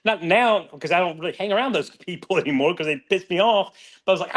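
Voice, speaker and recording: Middle-aged guy telling his story, kinda high voice, rambles and restarts a lot. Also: fast talker. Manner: rambling, restarts often, emotional about friends. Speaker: podcast guest, author. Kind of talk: candid conversational interview.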